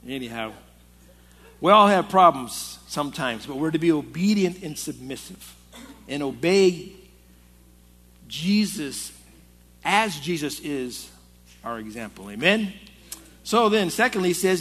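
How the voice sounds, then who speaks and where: A man's voice: fairly high pitch, lively intonation, a little slow, long pauses, a bit bright, husky. A male pastor preaching to a men's Bible study in a conversational, storytelling way. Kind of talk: sermon. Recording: long hall reverb.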